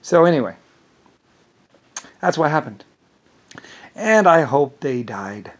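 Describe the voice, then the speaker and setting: A man's voice: fairly high pitch, sing-song, takes it slowly. A man delivering an angry, rambling vlog monologue, swearing and repeating words as he stumbles. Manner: profane, indignant, repeats words when stumbling. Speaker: vlogger.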